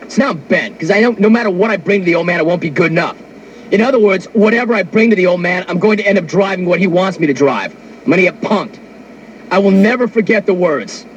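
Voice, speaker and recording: Husky high-voiced brash radio man. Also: animated, fast, lo-fi sound. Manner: brash, wisecracking storyteller. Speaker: sports radio host. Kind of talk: talk radio monologue. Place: radio studio.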